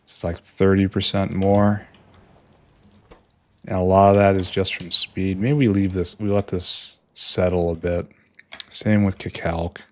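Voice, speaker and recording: A man's voice: low-pitched, flat delivery, a little slow. A man thinking aloud in casual commentary while playing a game, musing and mocking himself. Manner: musing, talks to himself, dry self-mockery. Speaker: gameplay streamer.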